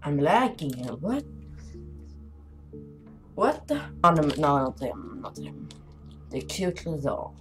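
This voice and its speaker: A woman's voice: low-pitched, big pitch swings, slow pace, long pauses, over music. A woman giving casual commentary while playing a horror game, chatty and talking to her viewers, jumpy and easily startled, with nervous laughter.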